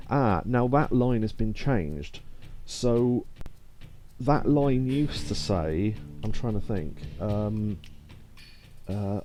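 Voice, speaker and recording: A man's voice: on the low side, lively intonation, slow pace, mellow, faint music behind. A man streaming a video game, chatting casually and explaining trivia with plenty of fillers.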